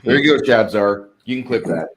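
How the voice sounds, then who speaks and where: A man's voice: fairly low pitch, lively intonation, a little fast, fairly bright tone, reverberant, rough recording. A man hosting a casual tabletop gaming chat, reading out viewer comments in a laid-back, wry way. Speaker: podcast host.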